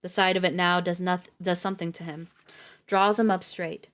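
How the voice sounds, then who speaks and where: A woman reading a novel aloud on a live stream, steady with the odd slip and restart. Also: fairly low pitch, moderate pace.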